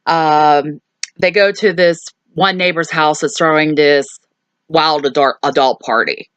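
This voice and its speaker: A woman with a low-pitched voice talks through a film's plot in a loose, chatty way, full of "um" and "like". Her voice sounds dry and close, with no room around it. She hosts a movie review channel. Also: fairly even intonation, a little slow, a bit bright, clean tone, no echo. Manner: chatty, lots of fillers and asides. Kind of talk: casual movie recap.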